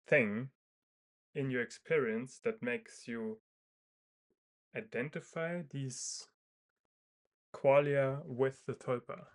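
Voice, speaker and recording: A man thinking aloud in a casual monologue, hesitant and full of fillers and restarts. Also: mid-range voice. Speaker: video creator.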